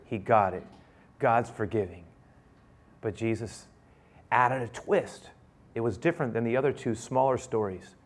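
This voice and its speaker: A man preaching a sermon, retelling a story and acting out its dialogue with rising excitement. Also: mid-range voice, a little slow, long pauses.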